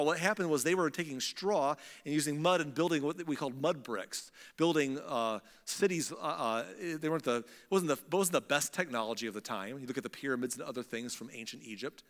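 A man delivers a sermon, retelling a scripture story in a lively, chatty manner. His voice sits a bit high for a man, with a long echo from a large hall. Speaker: preacher.

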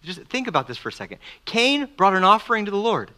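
A middle-aged man preaching a sermon as pastor, animated and acting out the voices of the people he quotes. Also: high voice, quick pace.

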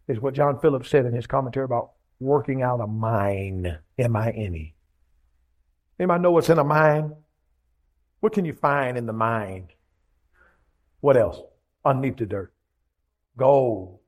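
A man's voice: medium pitch, darkish tone. A male pastor, preaching a sermon in a rhythmic style and calling for responses from the congregation.

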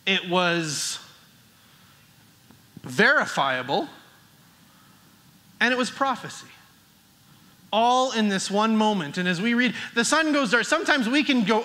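A man's voice: sits high, animated, measured pace, long pauses, pushed and bright. A middle-aged man preaching a sermon as pastor, earnest and emphatic. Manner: earnest, builds emphasis with restarts.

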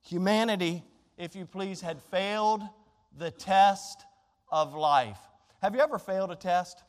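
A man preaching a sermon to a congregation, shifting between impassioned, conversational preaching and quiet pleading. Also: sits high, a little slow. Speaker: pastor. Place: church sanctuary. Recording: long church reverb.

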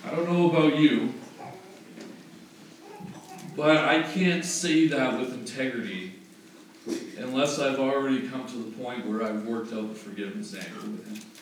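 A man's voice: medium pitch, fairly even intonation, moderate pace, pauses often. A man preaching a conversational sermon, correcting himself as he goes and building to emphatic rhetorical questions. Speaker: pastor. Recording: very echoey room, distant mic, faint noise.

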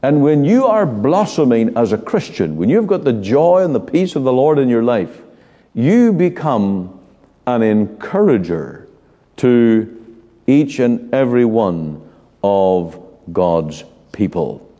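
A man preaching an evening sermon in a church, slow and emphatic with dramatic pauses. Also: medium pitch, very animated, dark tone, muffled recording. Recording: long church hall reverb.

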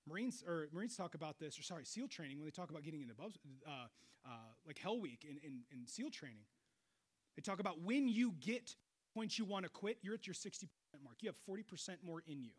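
A middle-aged man preaching a sermon, animated, swinging between loud exclamations and quiet low stretches. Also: fast talker. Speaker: pastor.

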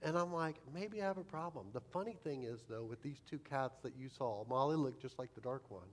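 A male pastor tells a childhood story in a sermon with a self-deprecating, humorous touch. His voice sits in an ordinary middle pitch for a man. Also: brisk.

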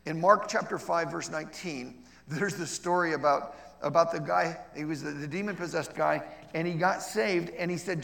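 A middle-aged man with a somewhat high, gravelly voice teaches a session as a missionary, talking to the room and often checking in with "okay?". He acts out little exchanges with lively shifts in tone. His words ring out with the long reverb of a large hall. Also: moderate pace. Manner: conversational, checks in with frequent "okay?".

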